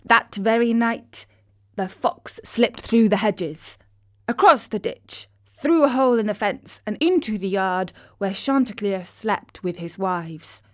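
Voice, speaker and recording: Female storybook narrator, slow and expressive. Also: medium pitch.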